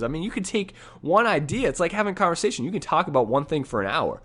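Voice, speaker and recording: This music teacher talks fast with hardly any pauses, his voice on the high side, very animated, a bit bright and slightly rough. He casually explains his recorded piano solo, scatting rhythms aloud and repeatedly asking "right?", while faint piano plays underneath.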